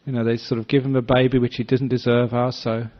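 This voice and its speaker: An older man, a Buddhist monk, giving a dharma talk that is full of storytelling, acting out voices with gentle humor. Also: mid-range voice, level tone, quick pace. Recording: slightly dull lo-fi recording.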